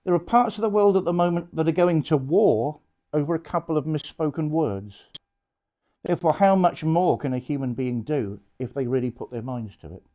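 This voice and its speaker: Speaking at normal speed in a warm voice on the high side, a priest gives an informal public talk to a small audience. He is conversational and blunt, full of rhetorical questions and asides.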